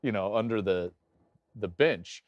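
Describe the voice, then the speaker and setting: A middle-aged man hosting a live football watch-along, commenting excitedly on plays and telling stories he acts out loudly. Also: on the low side, measured pace, no echo, highs cut off. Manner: animated, jumps into loud acted-out anecdotes. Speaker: host and game analyst.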